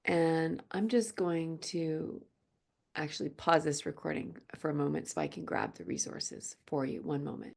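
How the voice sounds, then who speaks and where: A woman teaching a gentle yoga class, speaking softly and slowly. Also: low voice, very animated, vocal fry. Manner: slow, soft-spoken, drifts into quiet chanting.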